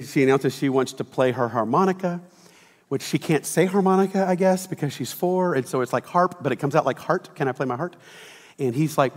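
A middle-aged pastor preaches a conversational sermon, acting out bits of dialogue with lots of energy. His voice sits on the high side for a man, and it rings with a long church-hall reverb. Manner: animated and conversational, acting out quotes, sometimes shouting. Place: church auditorium.

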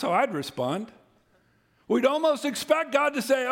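Male pastor, high voice, animated sermon delivery, dramatic emphasis. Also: unhurried. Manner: animated preaching, voicing God's words with rising intensity.

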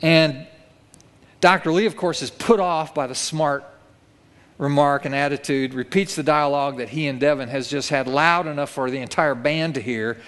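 A male pastor preaching in a sanctuary with a long ringing reverb, his voice sitting a little higher than most men's. He tells a story with energy and acts out the lines he quotes. The sound is a live sermon, not a studio read. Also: fairly even intonation, normal speed, a bit bright. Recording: long reverb of a church hall.

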